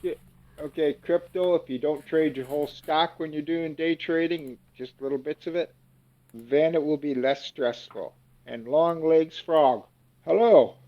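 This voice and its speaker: A man's voice: on the high side, fairly even intonation, a little slow, darkish tone. A man chatting casually as a co-host, giving brief laid-back replies. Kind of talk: casual chat.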